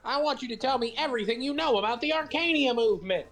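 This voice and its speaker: A man's voice: very high voice, expressive, fast, a bit bright, soft background music, voice pushed up, exaggerated voice. A man voicing an eager, inquisitive young woman journalist in glasses, in a raised put-on girl voice during a let's play fan dub. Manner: perky, inquisitive.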